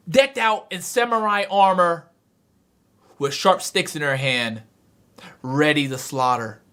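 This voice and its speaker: Brief: a male reviewer with a high voice, retelling a chapter like a storyteller. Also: slow, long pauses. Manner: animated storytelling, excitable. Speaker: manga reviewer. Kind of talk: dramatic recap and review.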